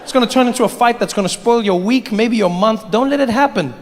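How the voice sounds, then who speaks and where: A man doing animated, conversational stand-up comedy. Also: very high voice, fast talker. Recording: echoey hall with audience.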